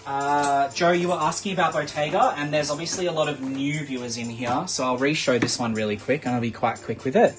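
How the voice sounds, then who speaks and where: An Australian man hosting a live shopping stream, chatting in a casual sales pitch full of fillers. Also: fairly even intonation, brisk, hardly any pauses, faint music behind.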